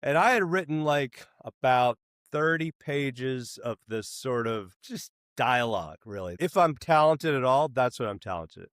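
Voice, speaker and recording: A man telling a long comic story in a casual interview, animated and acting out the people he quotes, with some swearing. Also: medium pitch, measured pace, few pauses, no echo, clean studio sound. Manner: animated, acts out quoted voices, swears freely. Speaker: filmmaker telling stories.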